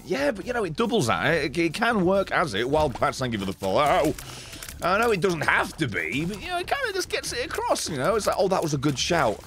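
A man streaming a game, chatting casually and swearing as he thanks viewers, his throat hoarse and strained. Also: a little high. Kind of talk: casual live-stream chat while gaming.

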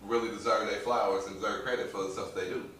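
A man's voice: on the low side, steady tone, fast, fairly bright tone, recorded from a distance. A man hosting a podcast, laid-back and slangy, asking long, rambling questions. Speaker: podcast host. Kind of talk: casual interview. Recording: echoey room, voice from off-mic, faint noise.

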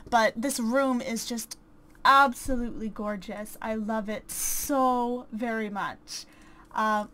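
A woman's voice: on the high side, a bit bright, a little hiss or hum. A woman casually commentating a life-sim game, chatty and self-deprecating, with frequent ums and small laughs. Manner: chatty and self-deprecating, with many fillers and giggles. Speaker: gameplay commentator. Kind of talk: casual let's-play commentary.

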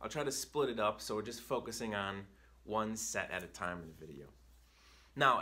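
A Chinese teacher gives a video language lesson, explaining patiently and checking in with "right?" as he goes. He reads drill words in a raised, careful voice. His voice is lowish with a sharp tone.

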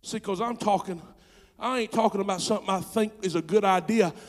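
A male pastor preaching a sermon with passion, dropping to a hush and then rising to shouts, in folksy Southern speech. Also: high voice, brisk. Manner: impassioned preaching, swinging from hushed to shouting. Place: church sanctuary.

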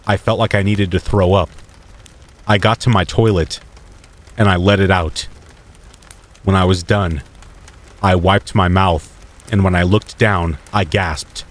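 A man reading a scripted first-person horror story in a steady, measured way. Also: low-pitched.

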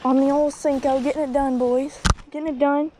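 A man vlogging while fishing from a small boat on a lake, talking casually and getting excited as he hooks fish. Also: very high voice, fairly quick. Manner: excitable, talks to himself and the fish. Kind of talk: casual outdoor fishing vlog. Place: small boat on a lake, outdoors in wind and rain. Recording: loud wind and rain noise.

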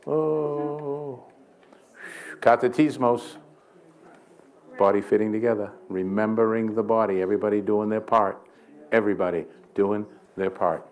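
A man's voice: lowish voice, unhurried, long pauses. A man preaching at a church healing service, mixing folksy stories and jokes with short prayers. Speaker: guest healing evangelist. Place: church sanctuary.

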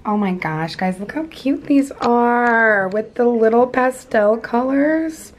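Casting: mujer joven, tono de charla de vlog, burbujeante y risueña, con música de fondo. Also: female voice, a little high, lively intonation, slow, faint music behind. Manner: bubbly, giggly, says "like" often. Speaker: vlogger. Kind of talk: casual vlog chat.

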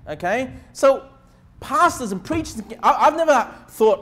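A man's voice: very high-pitched, big pitch swings, normal speed, fairly bright tone, slight background noise. A male pastor preaching a sermon in an earnest way, often checking in with the congregation by asking "okay?".

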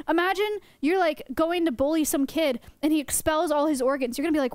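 A woman's voice: high-pitched, fairly quick, no room sound, studio quality. A young woman teaching her stream chat about animals in a playful, joking way, often laughing. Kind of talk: casual livestream lesson.

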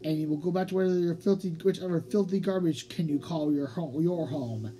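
A woman's voice: lowish voice, a little fast, dark tone, natural voice. A woman reading a proud, defiant young kitten.

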